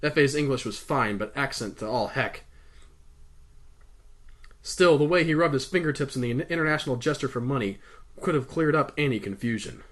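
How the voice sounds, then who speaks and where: A man's voice: mid-range voice, moderate pace, fairly bright tone. A man reading a novel aloud casually, breaking off with enthusiastic, gushing comments. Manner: enthusiastic, gushing, laughing asides. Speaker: audiobook reader and video host.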